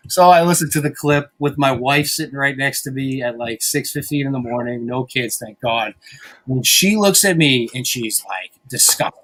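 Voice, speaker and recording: A man's voice: medium pitch, moderate pace, a bit bright. A man hosting a podcast in casual banter, rambling and profane, often mocking himself. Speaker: podcast host.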